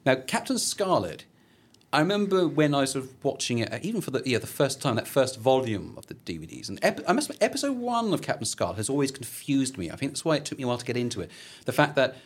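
A man chatting on a podcast, animated and jokey, acting out characters' lines in playful voices. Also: mid-range voice, quick pace. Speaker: podcast guest. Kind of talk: casual chat.

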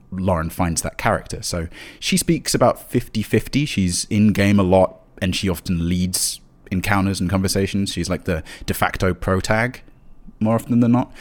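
A man with a fairly low voice, chatting as a guest on a podcast about running tabletop games. He talks in a loose, rambling way and breaks into laughter often. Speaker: guest, dungeon master of a tabletop actual-play show. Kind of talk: casual podcast interview chat.

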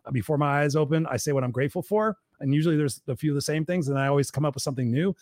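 A man's voice: a little high, racing, darkish tone, no echo, clean studio sound. A man hosting a podcast, enthusiastic and agreeable with his guest. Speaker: podcast host. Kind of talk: casual podcast chat.

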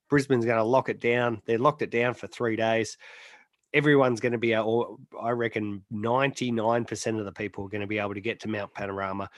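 A man's voice: medium pitch, no echo. Australian male host, chatty and teasing, mid-range voice, dry studio read. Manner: chatty, teasing, reads sponsor plugs. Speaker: motorsport podcast host. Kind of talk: casual chat.

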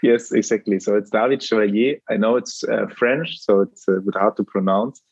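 A man's voice: on the low side, fairly even intonation, moderate pace, creaky, husky, dry recording. A German man, a native German speaker, answering as a startup guest with frequent hesitant ums. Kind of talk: interview answers. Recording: dull, dry lo-fi line.

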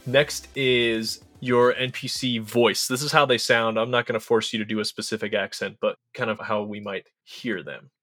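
A man hosting a casual podcast, upbeat and quick to laugh. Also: lowish voice, steady tone, a bit bright, faint music behind. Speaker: podcast host.

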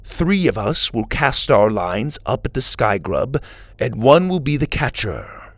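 A man voicing a hearty, round man who calmly teaches fishing, in a storybook reading. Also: mid-range voice, measured pace, dry recording. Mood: instructive. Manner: steady instructive. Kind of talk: storybook read-aloud.

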